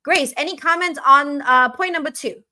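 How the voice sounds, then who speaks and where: A woman's voice: high-pitched, normal speed. A woman hosting a live online coaching session, talking energetically and often checking in with "right?". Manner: energetic, keeps asking "right?". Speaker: host and business owner.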